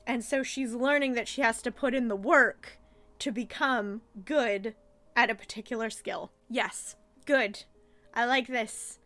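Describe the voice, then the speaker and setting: Rambling and saying "like" constantly, a young woman host with a bright, higher voice offers fan commentary on a cartoon from her childhood. She's gushing and chatty throughout this casual review.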